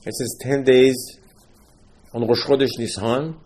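A man teaching a Torah class in a lively storytelling sermon, mixing Hebrew terms into his English and swinging between loud bursts and quiet asides. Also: medium pitch, unhurried. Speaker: religious teacher.

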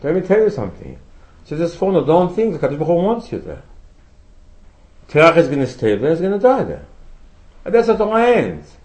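A man's voice: on the high side, wildly swooping pitch, a little fast, pauses often, a little mellow, poor audio. A man teaching a religious class, asking rhetorical questions and quoting Hebrew sources with emphasis. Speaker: rabbi teaching a Torah class. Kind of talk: religious lecture.

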